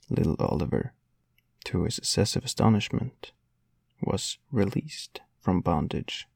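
Male narrator for a classic novel, husky and gravelly, measured and unhurried delivery. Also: low-pitched, a little mellow, no room sound. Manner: measured storytelling reading. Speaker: audiobook narrator.

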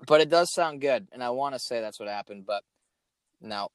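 A young man in casual chat, swearing often and telling stories with animated energy. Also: mid-range voice, normal speed, a loud crowd. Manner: swears a lot, animated storytelling.

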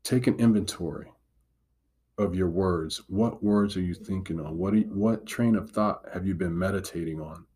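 Low husky earnest Christian speaker, man. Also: moderate pace, mellow. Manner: earnest, encouraging, emphatic repetition. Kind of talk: devotional teaching talk.

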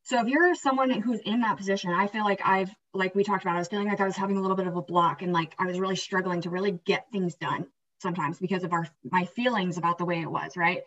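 Sex: woman. Role: podcast co-host. Style: energetic motivational chat. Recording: slightly distant, dull lo-fi. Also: fairly low pitch, quick pace, few pauses. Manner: energetic, rambling, peppered with "right?" and "like".

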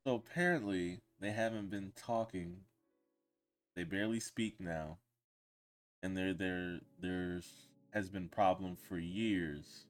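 A man co-hosting a casual podcast chat, blunt and opinionated, laughing loudly and then dropping to a mutter. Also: sits low, slow pace, soft background music. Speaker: podcast co-host.

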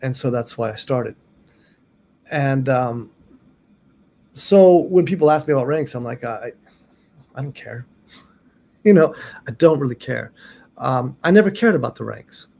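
A man's voice: mid-range voice, expressive, measured pace, vocal fry, pauses often, darkish tone. Rambling man telling a story. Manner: rambling, many restarts and "you know", laughs at own story. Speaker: martial arts instructor. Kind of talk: casual storytelling.

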